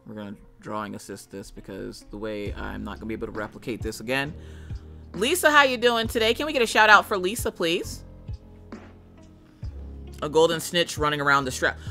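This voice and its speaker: A woman's voice: a bass voice, animated, a little fast, creaky, sharp tone, soft background music. A woman streaming live, thinking aloud as she draws and greeting her chat in a casual, chatty way.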